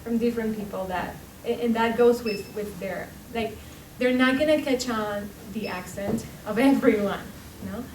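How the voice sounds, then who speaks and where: A woman with a Spanish accent, a native Spanish speaker, speaking haltingly and searching for words while sharing advice. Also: on the high side, a little mellow. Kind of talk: casual group discussion. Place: school meeting room. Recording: distant, echoey, noisy room.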